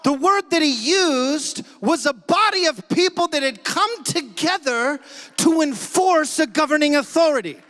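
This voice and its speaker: A man's voice: extremely high pitch, expressive, measured pace, fairly bright tone, a faint crowd. A male pastor preaching a sermon with emphatic energy, calling out to his congregation in a church sanctuary. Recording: long church hall reverb.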